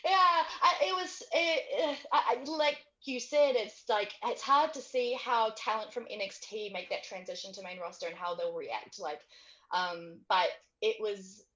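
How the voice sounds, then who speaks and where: A woman's voice: mid-range voice, normal speed, a bit bright. Woman guest with an accent, giggly and rambling, heard over a dull, slightly muffled video call with headphones. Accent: non-native English accent. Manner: giggly, trailing off with fillers. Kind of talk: casual interview chat.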